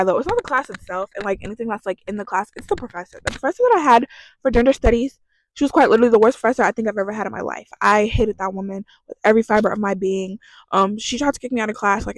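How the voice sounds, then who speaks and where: Chatty, swearing young woman telling a story. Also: a little high. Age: young adult. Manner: chatty, profane, lots of fillers. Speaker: vlogger. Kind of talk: storytime vlog.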